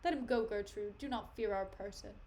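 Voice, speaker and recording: A woman voicing a calm, commanding male king, read in a measured, regal way. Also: mid-range voice, slight background noise, lightly acted.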